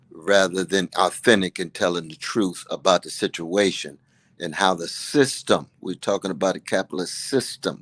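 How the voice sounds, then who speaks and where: A man's voice: deep voice, fairly bright tone. Impassioned preacherly older man. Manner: preacherly, rhythmic, emphatic repetition. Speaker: guest. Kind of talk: impassioned political conversation.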